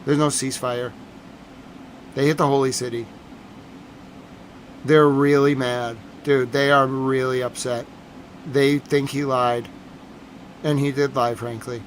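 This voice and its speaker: A man's voice: mid-range voice, fairly even intonation, a little slow, long pauses, a little hiss or hum. A man giving live-streamed commentary on breaking news, agitated and emphatic, repeating his points.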